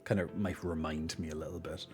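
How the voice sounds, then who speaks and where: A man's voice: very deep voice, fairly even intonation, a little fast, darkish tone, faint music behind. An Irish man streaming, chatting casually with viewers in a rambling way full of fillers. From Ireland.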